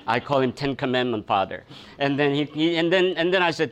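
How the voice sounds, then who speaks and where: A man's voice: mid-range voice, animated, brisk, a bit bright, clean tone, some chatter behind. A man preaching a sermon, telling a personal story with many fillers, restarts and laughs. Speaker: pastor.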